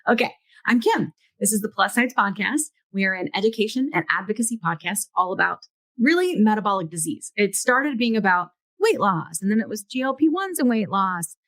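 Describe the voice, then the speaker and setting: A woman's voice: medium pitch, animated, no room sound. Chatty woman podcast host, dry sound. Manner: chatty, quick asides with filler words. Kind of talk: casual podcast chat.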